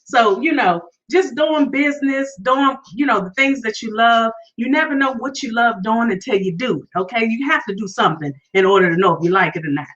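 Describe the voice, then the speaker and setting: A woman's voice: a little high, lively intonation, moderate pace, a bit bright. A woman hosting her own vlog, chatting casually and upbeat with viewers, often repeating phrases and sometimes singing her greetings. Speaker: vlog host. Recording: distant, dull lo-fi sound.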